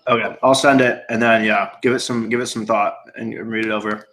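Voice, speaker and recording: A man's voice: lowish voice, level tone, a little fast, fairly bright tone. A man hosting a live stream, chatting casually and laughing often. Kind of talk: casual chat.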